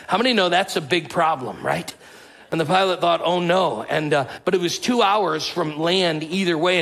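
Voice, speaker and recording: Pastor guy preaching, gravelly voice kinda high, keeps asking the crowd to chime in. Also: a bit bright, poor audio. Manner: conversational preaching, calls out to the congregation. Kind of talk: sermon.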